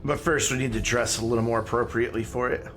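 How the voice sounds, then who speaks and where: A man streaming a video game, giving relaxed, chatty commentary and thinking aloud as he plays. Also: mid-range voice, fast talker. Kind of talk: casual gameplay commentary. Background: game music.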